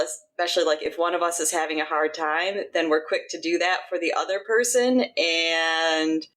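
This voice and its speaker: A woman co-hosting a podcast, thinking aloud in casual chat with many pauses and fillers. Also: on the low side, fairly bright tone. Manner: thoughtful, rambling with fillers. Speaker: podcast co-host.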